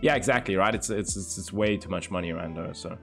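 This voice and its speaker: A man's voice: sits low, brisk, gravelly, fairly bright tone, faint music behind. A young man streaming live, chatting casually and teasingly with his viewers and swearing freely. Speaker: livestreamer.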